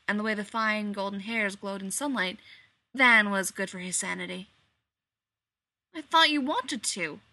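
Bright-voiced woman reading a story. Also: medium pitch. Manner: expressive, animated storytelling. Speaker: reader. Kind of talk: reading fan fiction aloud.

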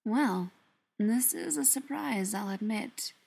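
A woman's voice: on the low side, slow, darkish tone, slightly rough, pitched below the performer's own voice, full character voice. Beckett, a woman voicing a drawling vampire man. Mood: amused. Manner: drawling, teasing. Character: amused drawling male vampire, mocking.

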